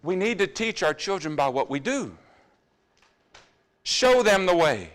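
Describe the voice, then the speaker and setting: A man preaching a sermon in a church, earnestly putting question after question to the congregation and dropping to quiet asides now and then. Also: sits high, very animated, a little slow. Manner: drops to quiet asides about running over time.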